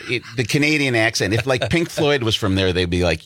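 A comedian guest with a Wisconsin accent, chatting casually and telling stories in put-on voices. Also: male voice, mid-range voice, moderate pace, dry recording, studio quality. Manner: animated, puts on voices. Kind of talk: casual chat, storytelling with voices.

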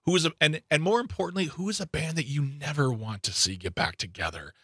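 A man hosting a radio show, chatting casually and playfully with a co-host, with lively swings in pitch. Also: fast, husky, no echo, clean studio sound. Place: radio studio. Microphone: studio microphone.

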